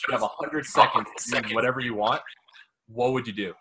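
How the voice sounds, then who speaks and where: A man's voice: medium pitch, steady tone, fairly quick, background noise. A man hosting a casual podcast, prompting his guests with questions. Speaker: host.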